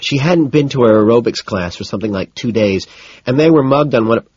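A man's voice: medium pitch, expressive, a little mellow, breathy edge, no room sound, lo-fi sound, voice pushed up. A man reading an audiobook voices a chatty, exasperated wealthy young woman who scolds and gossips. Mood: gossiping. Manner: gossipy, scolding, quick to dismiss.

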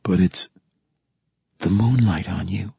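A man voicing a tender, teasing young woman lover in a soft, hushed whispered role-play within an audiobook. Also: sits low, slow pace, vocal fry, husky, no echo, lo-fi sound, exaggerated voice.

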